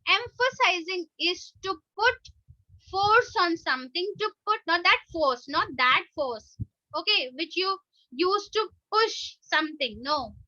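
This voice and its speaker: Woman, teacher, Indian English accent, very bright voice, slow deliberate pace, dull lo-fi sound. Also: very high voice, lively intonation, no echo. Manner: explains slowly, asks and answers her own questions. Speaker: school teacher. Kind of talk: online class lesson.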